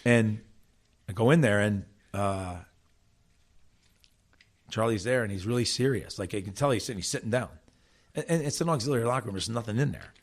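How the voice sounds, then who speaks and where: This guest is a soccer coach and ex-player, a middle-aged man from South Jersey in the USA, speaking in a relaxed interview. His voice sits on the low side and runs fairly fast, with frequent pauses. An animated storyteller, he keeps starting his thoughts over.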